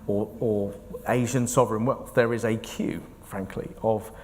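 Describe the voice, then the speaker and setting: Speaking a little slowly in a steady, darkish, lowish voice, a male investment fund manager gives earnest explanations during an onstage interview, thinking aloud as he talks. Hall reverb echoes through the large conference venue.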